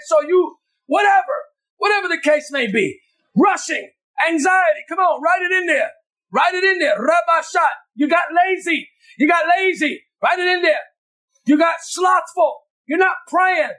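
A man preaching at a deliverance service, shouting commands and repeating himself emphatically, breaking into tongues. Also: extremely high pitch. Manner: rapid commanding repetition. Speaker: preacher leading a deliverance session. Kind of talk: charismatic sermon.

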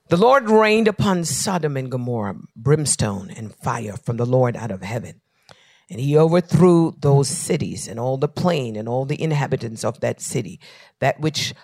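A man preaching a sermon. He swings from near-whispers to shouting and leans on repeated refrains. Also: mid-range voice, no room sound, studio quality. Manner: repetitive preaching cadence. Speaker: pastor.

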